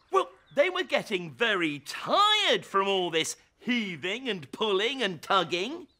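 A man narrating a children's story in a playful, expressive way, inviting children to join in. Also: very high-pitched, takes it slowly, few pauses. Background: children's music.

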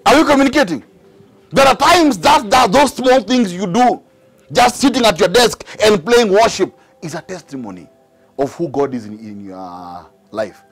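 Man, Kenyan accent, preacher, sermon, husky, high-ish voice, faint music behind. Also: moderate pace. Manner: animated, call-and-response with the congregation. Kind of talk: sermon mixing English and Swahili.

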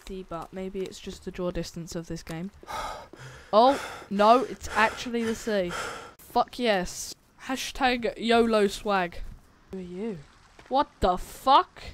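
Medium pitch, with a slight hiss or hum on the recording. A gaming host narrates a horror survival game as she plays, easily startled, swearing all the time and letting out shrieks at jump scares.

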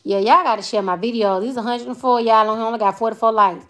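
A woman's voice: a little high, fast talker, a bit bright. A woman in her twenties with a Southern Alabama accent hosts a casual livestream. She talks loosely and playfully, sprinkling in Southern slang as she answers comments from her viewers. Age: 20s. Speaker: comedian and livestream host.

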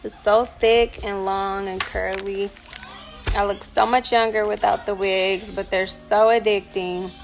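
A woman's voice: medium pitch, flat delivery, measured pace, creaky, soft background music. A woman who is a mother and vlogger, chatting casually and rambling loosely to her followers.

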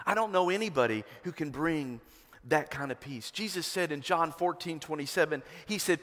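A man preaching a sermon as pastor, rising to loud emphatic peaks and dropping to hushed lows. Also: animated, moderate pace. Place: church sanctuary. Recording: long hall reverb.

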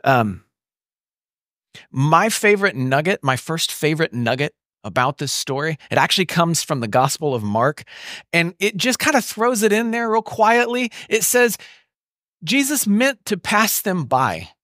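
A man preaching a sermon in an animated, conversational way, often asking the listeners questions. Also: on the high side, unhurried, no echo, clean studio sound. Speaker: pastor. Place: church.

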